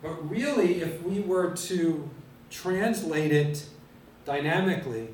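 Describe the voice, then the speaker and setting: Slow, deliberate man teaching Bible class. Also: fairly high pitch, a little mellow, slight background noise. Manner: deliberate, explaining word by word. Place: room with a live audience. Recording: roomy, recorded from a distance.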